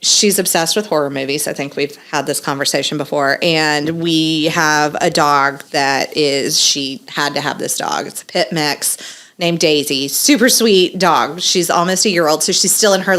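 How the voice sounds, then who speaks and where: A middle-aged woman, telling a story in casual podcast chat, animated and swearing freely. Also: low voice, normal speed. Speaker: podcast host.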